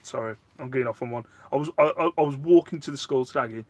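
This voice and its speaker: A man's voice: medium pitch, brisk, no room sound. A man, hosting a casual live stream, rambling and answering viewer chat, getting worked up at times. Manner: rambling, animated, gets worked up.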